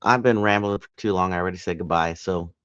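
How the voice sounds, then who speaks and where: A low-voiced man rambles through a casual home vlog, circling back on his own thoughts as he goes. The recording is dull and dry, with no room sound at all. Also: quick pace, fairly bright tone, clear, resonant tone, no echo. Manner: chatty, rambling, self-interrupting. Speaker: reselling vlogger.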